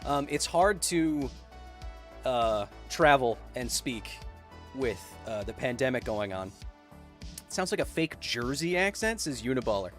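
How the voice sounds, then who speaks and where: A man at an ordinary middle pitch hosts a science livestream, cheerful and joking as he reads out viewer messages. His energy jumps in quick bursts of enthusiasm, with faint music playing softly behind him. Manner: upbeat, jokey, bursts of excitement. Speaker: science YouTuber host. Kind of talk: livestream chat, reading viewer donations.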